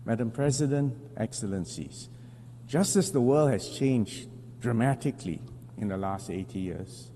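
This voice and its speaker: A man, a foreign minister, delivers a formal speech at an international assembly in a measured, deliberate way, pausing for emphasis and correcting small slips. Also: medium pitch, mellow. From Singapore. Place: large assembly hall. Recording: long hall reverb with faint hum.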